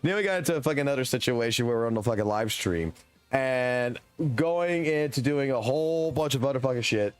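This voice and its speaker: A man's voice: mid-range voice, animated, fairly quick, smooth, soft background music. A young adult man streaming live, telling a long, rambling story in casual chat and swearing heavily. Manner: profane, rambling, heated storytelling.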